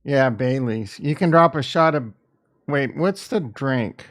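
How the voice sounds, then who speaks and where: A man's voice: mid-range voice, expressive, slow pace. A man streaming live, thinking aloud as he trades crypto, with a rambling, casual and profane manner. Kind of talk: casual livestream chat.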